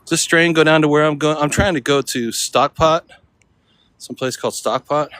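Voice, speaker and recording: This vlogger's voice is a little high and a bit bright, moving at a normal speed as he wanders city streets chatting in a relaxed, rambling way. He laughs often and uses slang, and the poor, dry recording has street noise behind it.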